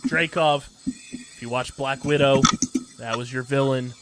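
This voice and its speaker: A man's voice: mid-range voice, steady tone, measured pace, very noisy. A male podcast co-host talking casually and enthusiastically, rambling with lots of filler words as he recaps a TV episode. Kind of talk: casual pop-culture podcast chat.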